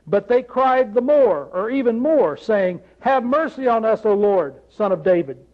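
A man's voice: sits high, animated, a little slow, dull audio. A man preaching a sermon in a conversational way, often asking the congregation rhetorical questions.

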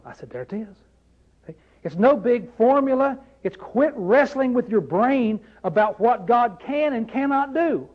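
A man's voice: very high-pitched, lo-fi sound. A man preaching a sermon in a conversational way, often asking the congregation rhetorical questions.

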